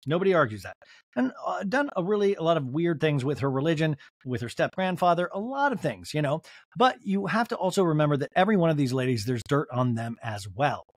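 A man's voice: a little high, big pitch swings, fast talker, no room sound. A man hosting a comedic recap podcast, telling the story in a sardonic, profane, rambling way close to the mic. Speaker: podcast host.

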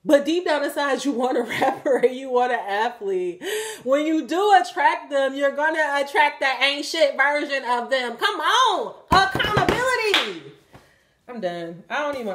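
A woman, speaking in a slightly high voice. She lectures her viewers bluntly and profanely, laughing as she goes. Her delivery keeps jumping between loud and quiet. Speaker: tarot reader and channel host. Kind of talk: candid spoken reading to viewers.

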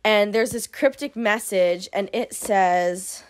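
A young woman in her twenties recapping a novel for a vlog, with wry deadpan asides and a lot of "like". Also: fairly high pitch, measured pace, few pauses. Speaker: book review vlogger. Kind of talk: sarcastic book recap.

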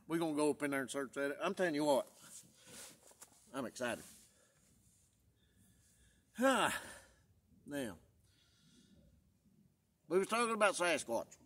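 Out in the woods and tired after a long day, a male vlogger chats in a folksy, rambling way, repeating himself. His voice is medium-pitched and a bit bright.

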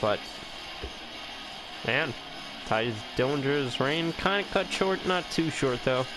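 A man giving casual commentary over a wrestling video game, excitable and full of gasps, with joking, sarcastic asides. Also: medium pitch, slow pace, over music, rough recording. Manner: excitable, reacting with gasps and swearing. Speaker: gameplay commentator. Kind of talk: casual let's-play commentary.

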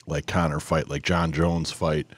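A man's voice: rumbling low, level tone, unhurried, no room sound, studio quality. A man co-hosting a podcast, telling rambling, profane stories in casual chat. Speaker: podcast co-host.

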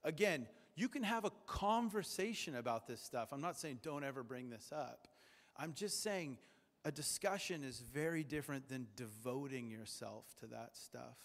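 Joking pastor preaching in a reverberant hall. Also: male voice, mid-range voice, expressive, moderate pace. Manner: conversational and jokey, acts out quoted voices. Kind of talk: sermon. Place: church sanctuary.

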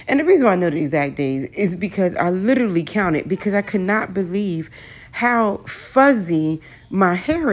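A woman in her thirties, a vlogger, telling stories in a chatty way and laughing often. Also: medium pitch. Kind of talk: casual storytelling chat. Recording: roomy, faint background hum.

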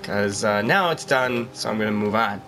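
This gaming host's voice is fairly low, and he keeps a moderate pace over background music. His let's-play commentary is jokey and excitable, punctuated by yelps and exclamations as he plays.

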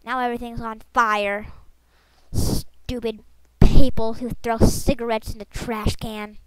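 Woman, gameplay commentator: high and sing-song, unhurried, playful and rambling, dry close sound. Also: flat delivery, smooth, no room sound, poor audio. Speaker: gaming channel host.

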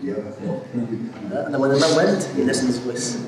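A man's voice: medium pitch, moderate pace, noisy background. A man, a sheikh teaching a religious class, telling stories, acting out the quoted voices and using Arabic terms. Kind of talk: religious lesson with storytelling. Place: Islamic centre hall. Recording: echoey hall, far from mic, crowd audible.

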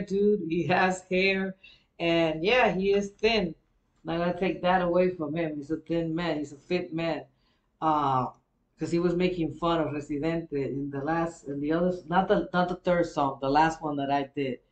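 A woman hosts a casual reaction video. She explains things chattily, trailing into fillers and restarts. Her voice carries a roomy echo. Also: deep voice. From Caribbean.

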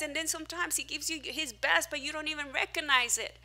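A woman pastor preaching a sermon in a church, animated and self-mocking, swinging between loud and soft. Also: high-pitched, fast talker, hardly any pauses. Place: church hall, preaching to a small crowd.

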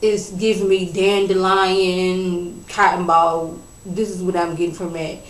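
A woman giving a casual, sassy recap of a reality show, chatting in a lively storytelling way. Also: on the low side, a little slow, reverberant, poor audio.

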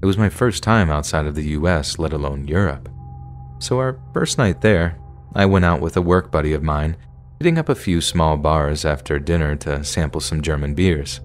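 A man's voice: rumbling low, lively intonation, moderate pace, slight background noise. A man narrating a first-person horror story in a casual, conversational way.

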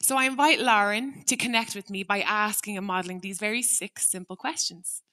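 A middle-aged woman, once a teacher and now a restorative practice trainer, gives a prepared talk from a stage, speaking a little fast in a bright, forward voice at ordinary pitch. Earnest and reflective, she tells her story and acts out both sides of a conversation.

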